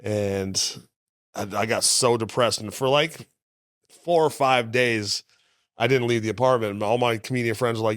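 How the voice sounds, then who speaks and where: A middle-aged man, a stand-up comedian, telling frank, profane stories in a relaxed way as a podcast guest on a close mic. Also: fairly low pitch, normal speed, no room sound. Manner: frank, profane, laid-back storyteller. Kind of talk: candid storytelling in casual interview.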